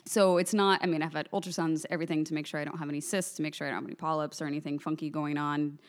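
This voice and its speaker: A woman's voice: deep voice, level tone, racing. A woman co-hosting a podcast in casual chat, playful and giggly, talking openly and candidly. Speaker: podcast co-host.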